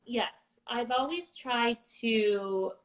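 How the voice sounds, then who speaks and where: A woman's voice: a little high, drawn-out words, poor audio. A middle-aged woman chatting candidly as a guest about being a mother, reflective and a little wry. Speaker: guest, mother of two daughters. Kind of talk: casual livestream chat.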